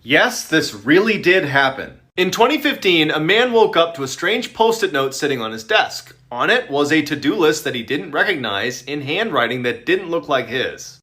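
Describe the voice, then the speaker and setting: Man, dramatic narration, suspenseful, bright tone, very lively pitch. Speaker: storyteller. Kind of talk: scripted narration of creepy true stories.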